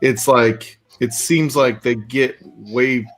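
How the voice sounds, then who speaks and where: A man's voice: mid-range voice, fairly even intonation, takes it slowly, faint music behind. A man from the United States chatting casually as co-host, laid-back with casual swearing. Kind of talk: casual chat.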